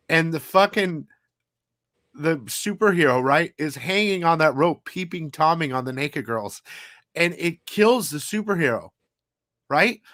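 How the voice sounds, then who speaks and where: Male stream host, somewhat high voice, dry close sound, rambling salty chat. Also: a bit bright, dry recording. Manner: rambling, profane, loose storytelling. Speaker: comic haul show host. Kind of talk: casual live-stream chat.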